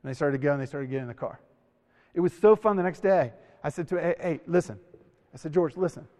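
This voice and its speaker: A man giving an animated sermon to young people, telling stories and acting out the voices of the people in them. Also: a little high, fast, in a large hall. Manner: animated storytelling, acts out quoted voices. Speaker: youth speaker. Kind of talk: sermon to a youth camp.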